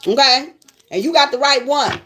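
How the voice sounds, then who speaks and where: A woman's voice: high-pitched, moderate pace, over music. A woman tarot reader ranting casually to her viewers, blunt and profane as she scolds them.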